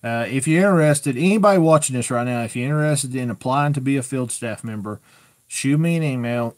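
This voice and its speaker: A man chats through viewer questions on a live stream. His delivery is folksy and plainspoken, rambling from point to point. His voice sits at an ordinary middle pitch for a man. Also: fairly quick, no echo. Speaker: host answering viewer questions.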